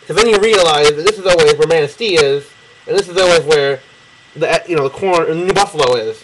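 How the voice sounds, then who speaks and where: A young man from Michigan replies on video, rambling casually and profanely while he draws a map for someone and laughs often. His voice is a little high and fairly quick, picked up by a camera mic close to his face amid background noise.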